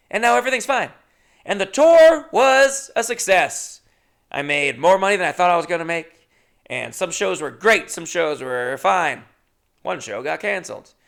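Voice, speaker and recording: A man's voice: on the high side, creaky, pushed and bright. A man, a comedian hosting his own podcast, telling a long rambling story in a profane, self-deprecating way.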